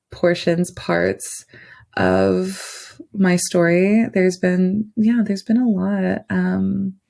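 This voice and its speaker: A woman's voice: medium pitch, creaky, dark tone. A woman guest on a podcast, telling a personal story in a rambling, casual way, full of fillers and restarts.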